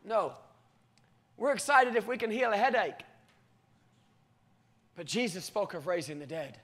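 This preacher speaks with lively intonation as he tells his church a story and reads scripture. He builds to loud, prolonged cries and then settles into a quiet, low voice.

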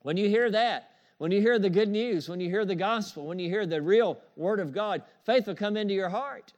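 A man's voice: high-pitched, moderate pace. A man preaching a sermon in an emphatic, repetitive style, calling for amens and chuckling as he goes. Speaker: pastor.

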